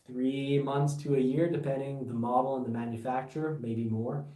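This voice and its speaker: Male car vlogger, mid-pitched, passionate and rambling, recorded off-mic with room echo. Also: moderate pace, distant mic. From Canada. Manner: animated, gets worked up, rambling restarts. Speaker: car reviewer. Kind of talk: casual vlog commentary. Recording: echoey room, voice a bit off-mic.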